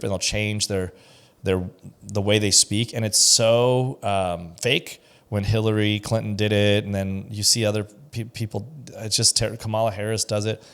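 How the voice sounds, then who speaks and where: A man who is a pastor, co-hosting a podcast and giving his views in an emphatic, opinionated way. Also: fairly low pitch. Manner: opinionated, emphatic, acts out quoted voices. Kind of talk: casual podcast discussion.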